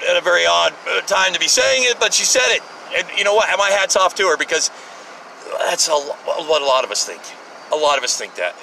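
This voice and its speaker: A man in his thirties rants from behind the wheel, swearing freely and breaking off mid-sentence. His voice sits a little high and sounds bright and sharp. It is picked up from a distance inside a moving car, with faint road noise underneath. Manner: profane, rambling, self-interrupting. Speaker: podcast host. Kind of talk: in-car rant podcast. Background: faint road and traffic noise.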